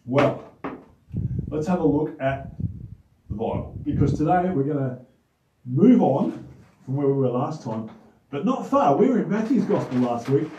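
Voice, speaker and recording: An easygoing Australian man hosts a casual Bible talk for kids. He rambles gently, restarting phrases as he goes, in a mellow, lively voice. He sounds a little far from the mic in a roomy space. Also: fairly high pitch, lo-fi sound, a little hiss or hum. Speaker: host and Bible teacher. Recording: roomy echo, distant mic.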